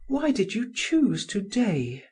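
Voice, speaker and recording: A man's voice: high voice, wildly swooping pitch, takes it slowly, darkish tone, breathy edge, pitched above the performer's own voice, exaggerated voice. A male narrator voicing a respectable older woman who answers hesitantly and in a fluster, in an audiobook. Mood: surprised.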